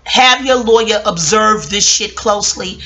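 In a profanity-laced vlog rant, this woman in her forties rambles passionately, breaking off for jokes and asides. Her medium-pitched voice is pushed and bright, and she keeps a measured pace.

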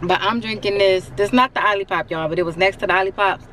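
This young woman speaks quickly and steadily in a mid-range, slightly bright voice while chatting to her vlog viewers, whom she always calls y'all. Filmed in her car and then at home on a handheld camera mic, the clip carries slight background noise.

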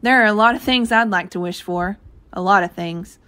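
A woman's voice: mid-range voice, moderate pace, fairly bright tone, natural voice. A woman voicing an earnest, emphatic old grandfather in a read-aloud storybook. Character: serious older grandfather storekeeper.

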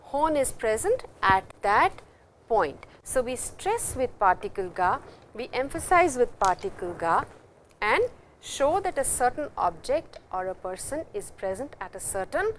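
A woman's voice: on the high side, slight background noise. Patient woman teaching a language class. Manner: patient, repeats and stresses example phrases. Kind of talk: classroom lecture.

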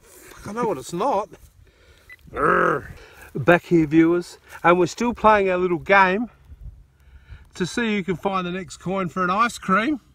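An excitable Australian man chatting and joking outdoors in a paddock while metal detecting. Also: high-pitched, unhurried, pauses often. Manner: excitable, jokey, laughs often. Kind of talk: casual outdoor vlog chat.

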